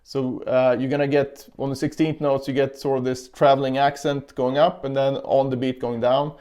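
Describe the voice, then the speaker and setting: In a relaxed guitar lesson, a man walks through picking technique and counts the beats aloud while he demonstrates, playing between explanations. He speaks at a moderate pace in a medium-pitched, level, dark-toned voice.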